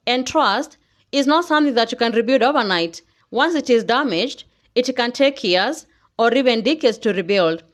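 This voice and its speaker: Measured, slightly high woman narrator. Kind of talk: scripted narration.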